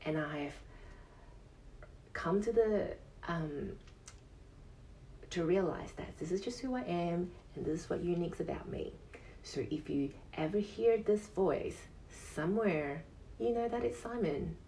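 A male yoga teacher hosting his own podcast, giving an earnest motivational monologue in a high, soft, soothing voice and repeating phrases for emphasis. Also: animated, measured pace, recorded from a distance, a little hiss or hum, low-quality recording. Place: casual home podcast setup.

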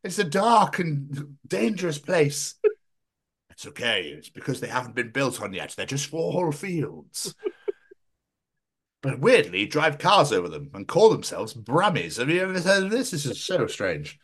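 A man's voice: a little high, big pitch swings, unhurried, a bit bright, breathy edge. A man co-hosting a podcast, joking in a rambling, sweary, silly way. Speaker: podcast co-host. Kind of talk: casual comedic chat.

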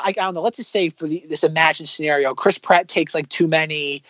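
A man co-hosting a casual podcast, rambling with many fillers and breaking into animated impressions as he critiques sketches. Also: a little high, a little fast, hardly any pauses, dry recording. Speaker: podcast co-host.

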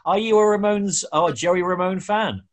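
A man's voice: high-pitched, normal speed. A man hosting a radio show, chatting with guests and making jokey, rambling asides.

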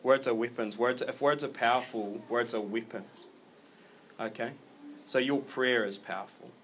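Male preacher, mid-pitched, loose and chatty, lots of ums and restarts, faint room hum. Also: moderate pace, fairly bright tone. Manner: informal, rambling delivery with many fillers and restarts. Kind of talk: conversational sermon.

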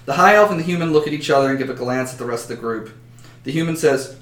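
A man's voice: fairly high pitch, expressive, fast, fairly bright tone. A man narrating a fantasy battle story dramatically, with occasional slips. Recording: roomy echo.

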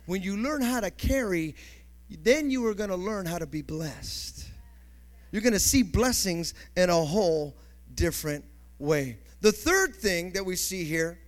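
High-voiced pastor preaching emphatically. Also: male voice. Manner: emphatic preaching, builds to shouting with call-and-response. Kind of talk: sermon.

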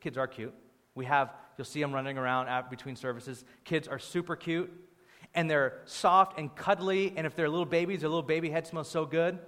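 A young male pastor delivers a sermon in a chatty, animated way, tossing in playful asides. His voice sits a little high. The sound has a long hall reverb, as in a church sanctuary. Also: a little fast.

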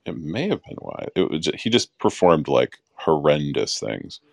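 A man co-hosting a casual faith podcast, explaining scripture patiently with pauses and fillers. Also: a bass voice, big pitch swings, gravelly, no echo. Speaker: podcast co-host.

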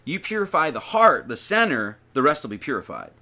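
A man's voice: mid-range voice, very animated, fairly quick, sharp tone. A man giving an informal sermon, reading scripture aloud and commenting on it in a conversational way, with frequent restarts and emphatic lists. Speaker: preacher.

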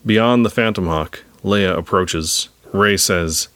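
A man with a deep voice narrates a script read-aloud. His delivery is brisk and even, with occasional dry humor. The sound is dry and close. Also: dry recording.

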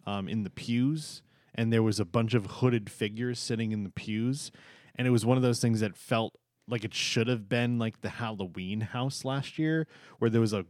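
A man's voice: mid-range voice, moderate pace, darkish tone, no echo, studio quality. A man co-hosting a podcast in casual chat, talking with frequent ums and uhs. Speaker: podcast co-host.

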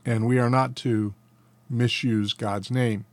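A man's voice: medium pitch, steady tone, slow, dry recording. A man teaching a catechism lesson, reading each answer and then adding casual, folksy commentary with a chuckle. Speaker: Bible teacher.

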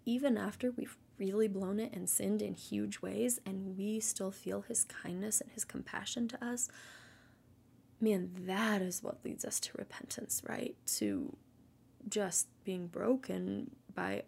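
A woman with a slightly gravelly, husky voice speaks at a middling pitch. She gives a casual devotional talk as a Christian mother. Her delivery is earnest and gentle, and she often sinks into a soft near-whisper. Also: unhurried.

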